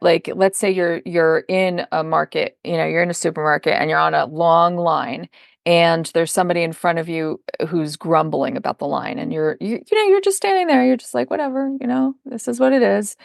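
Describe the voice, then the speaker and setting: A woman's voice: lowish voice, gravelly, dry recording, studio quality. A middle-aged woman, a parenting coach and podcast guest, talking in an emphatic, explanatory way in a conversational interview. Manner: emphatic, explanatory, acts out quoted voices.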